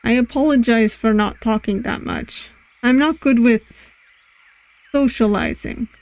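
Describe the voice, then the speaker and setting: A woman voicing a shy, reserved masked ship's doctor in an amateur Russian accent, speaking formally and haltingly. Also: fairly high pitch, darkish tone, dry recording, rough recording.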